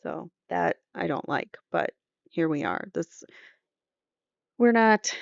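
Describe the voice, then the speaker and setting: A woman's voice: lowish voice, animated, takes it slowly, creaky, no room sound, muffled recording. A woman hosting a court channel, reading trial transcripts aloud and breaking off for opinionated, conversational commentary. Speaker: true crime court channel host.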